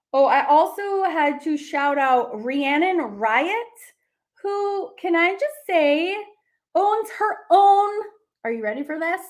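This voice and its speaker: A woman art teacher hosting a casual live lesson, bubbly and gushing, chatting with lots of fillers. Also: high voice.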